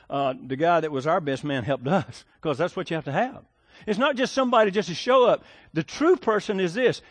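A male pastor delivers a sermon in a relaxed, conversational tone, often stumbling over and repeating his words. His voice sits high for a man. The sound is dry and close, with little room echo.

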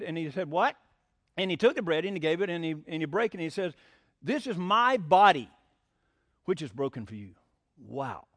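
A man's voice: high-pitched, no echo, clean studio sound. A man preaching a sermon as pastor, folksy and full of rhetorical questions.

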